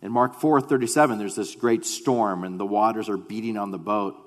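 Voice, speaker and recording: A man preaching a sermon as pastor, animated at times and then dropping to quiet, weighty emphasis. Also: lowish voice, normal speed. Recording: long hall reverb.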